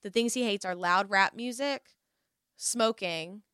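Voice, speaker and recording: Bright, crisp-voiced woman telling a story. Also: medium pitch, a little slow, no room sound, clean studio sound. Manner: animated storyteller, acts out quoted voices. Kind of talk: casual storytelling chat.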